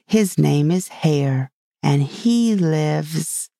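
A curious, well-mannered young girl from a storybook, as a man reads her, lifted higher than his own voice and eager in tone. There is still a slight gravel underneath, and the sound is dry and close. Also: animated, extremely slow, mellow, no room sound, exaggerated voice. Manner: eager, polite. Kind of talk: storybook reading.

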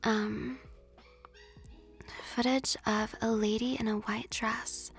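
A woman's voice: on the high side, level tone, slow, gravelly, faint music behind. A young woman hosting an ASMR channel, rambling and giggling in a whispered ASMR chat with frequent ums, close to the mic.

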